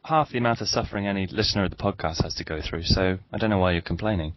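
A man's voice: low voice, very fast. A man co-hosting a podcast, teasing with dry humor and reading tech news. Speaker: podcast co-host. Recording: dry, dull lo-fi sound.

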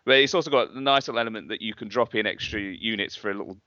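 A man's voice: on the low side, quick pace, sharp tone, no echo. A man co-hosting a podcast, chatty and opinionated with a lot of hedging. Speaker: podcast co-host. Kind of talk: casual chat. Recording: dull, slightly lo-fi dry sound.

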